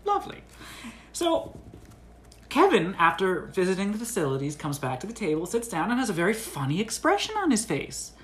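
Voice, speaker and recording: A man co-hosting a comedy podcast, telling a story in an animated way and acting out the quoted lines with big jumps in pitch. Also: brisk, a little hiss or hum. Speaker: podcast co-host.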